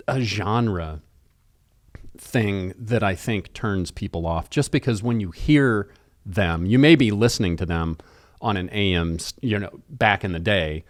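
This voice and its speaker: A man's voice: on the low side, dry recording, clean studio sound. A man co-hosting a podcast, chatting casually and thoughtfully about music, rambling with restarts. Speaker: podcast co-host.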